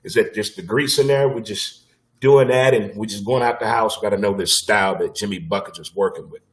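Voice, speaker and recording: A man hosting a casual sports talk show, with a blunt, animated delivery, occasional swearing and punchlines he repeats for effect. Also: fairly low pitch, brisk.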